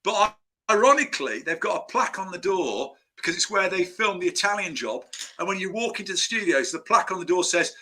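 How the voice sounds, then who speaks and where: Bright-voiced man telling rambling anecdotes. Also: sits high, expressive, fast talker. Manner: rambling anecdotal storyteller with restarts. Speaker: screenwriter guest. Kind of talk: casual interview chat.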